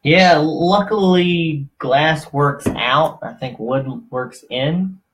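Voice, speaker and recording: A man hosting a radio interview, asking questions in a relaxed, conversational way. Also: a little high, slow pace, far from the mic, rough recording. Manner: relaxed, conversational, brief reactions. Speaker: radio host.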